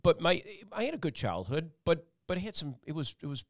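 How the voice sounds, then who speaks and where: A man hosts a casual talk interview in a rambling, emphatic way, often restarting his sentences. His voice sits a little high for a man, and the sound is close and dry. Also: sing-song, brisk, no room sound. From Italian-American family. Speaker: talk show host and meteorologist.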